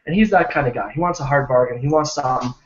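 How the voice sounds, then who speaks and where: A man's voice: mid-range voice, fast talker. A man on a group video call, casually telling a success story and acting out the people in it. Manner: animated, acts out quoted voices. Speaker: team member sharing a success story. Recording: roomy, dull lo-fi video call audio.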